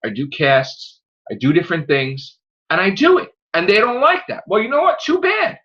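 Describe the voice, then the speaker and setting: A man's voice: fairly high pitch, huge pitch swings, moderate pace, fairly bright tone. A man hosting a podcast, ranting in a profane, combative and repetitive way while getting over an illness. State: recovering from illness. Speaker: podcast host. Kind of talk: casual podcast rant. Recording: muffled lo-fi podcast audio.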